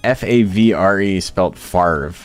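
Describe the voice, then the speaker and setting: A man's voice: low voice, a little slow. A young man streaming a game, chatting casually in loose, profane, joking rants. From Ontario, Canada. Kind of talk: casual chat while gaming. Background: faint game music.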